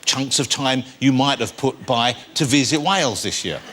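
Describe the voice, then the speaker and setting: A man in his fifties hosting a chat show, asking quick, teasing questions of his guest. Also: medium pitch, expressive, heavy background noise.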